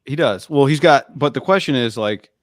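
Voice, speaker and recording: A man co-hosting a sports podcast, talking in a measured, conversational way as he thinks aloud. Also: medium pitch, animated, no echo, clean studio sound. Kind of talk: casual sports talk.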